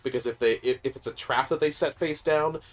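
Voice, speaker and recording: A man's voice: medium pitch, brisk. A man from the Midwest explaining game mechanics and coaching his co-host in casual chat. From American Midwest.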